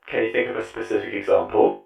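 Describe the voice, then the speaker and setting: A man's voice: fairly low pitch, monotone, fast, gravelly. A man voicing a robotic therapist chatbot through a robot filter, answering in short questions. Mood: mechanical. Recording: phone-like tinny filtered sound.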